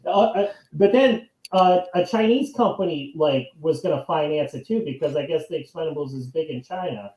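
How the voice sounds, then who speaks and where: A man in his forties with a fairly high voice, chatting about movies in an animated, rambling way. He keeps circling back with "it's like" and throws in mock outbursts. His mic picks up an echoey room. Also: moderate pace, few pauses. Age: 40s. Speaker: co-host of a movie podcast. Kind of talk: casual chat.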